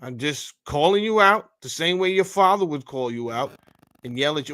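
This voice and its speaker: On a podcast, a male host reads a bill aloud and riffs on it in a loose, heated way. His voice is fairly high and fairly bright, animated and at a moderate pace. He's blunt and profane, calling the listener "bro" again and again.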